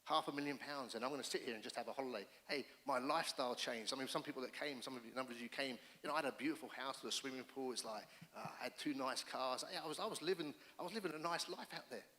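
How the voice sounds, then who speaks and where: Middle-aged male pastor, emphatic storyteller, bright forceful voice. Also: mid-range voice, very fast, hardly any pauses. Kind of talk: sermon with personal stories.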